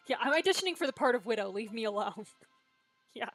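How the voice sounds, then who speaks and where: A woman's voice: fairly high pitch, expressive, fast, fairly bright tone, soft background music. A woman streaming a story game, reacting in blunt, sarcastic commentary and swearing freely.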